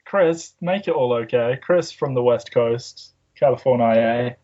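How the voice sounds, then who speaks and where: A man's voice: mid-range voice, a little slow, mellow. An English man hosting a podcast in casual chat, with a dry, sarcastic way of joking. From England. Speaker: podcast host. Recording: dull lo-fi recording.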